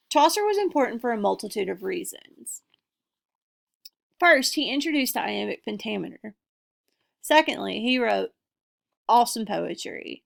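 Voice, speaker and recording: A young woman giving a class presentation, reading her points in an earnest, measured way. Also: fairly high pitch, animated, gravelly. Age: young adult. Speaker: student presenter. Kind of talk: class presentation, read from notes.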